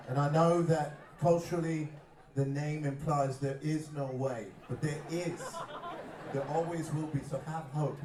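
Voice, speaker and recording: A man's voice: a little high, fairly even intonation, measured pace, slight background noise. A man doing live stage banter with a crowd in a playful, absurd, mock-serious way. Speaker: comedian-musician on stage. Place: concert stage before an audience. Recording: echoey live venue, far mic, loud crowd.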